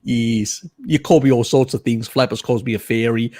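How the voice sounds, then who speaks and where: A man's voice: medium pitch, steady tone, moderate pace, darkish tone. A man hosting a casual live stream, chatting with viewers in a teasing, cheeky way and laughing often.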